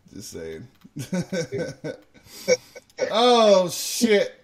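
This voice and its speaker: A man's voice: high voice, recorded from a distance. A man hosting a morning show in casual, profane chat, laughing often at his own jokes. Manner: swears freely, laughs often at himself.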